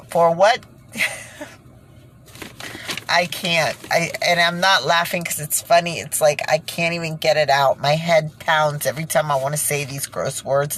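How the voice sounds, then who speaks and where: A woman's voice: low voice, fairly bright tone, slight background noise, poor audio. A woman ranting indignantly in a casual monologue to her viewers, breaking off with sighs and nervous laughs. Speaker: vlogger.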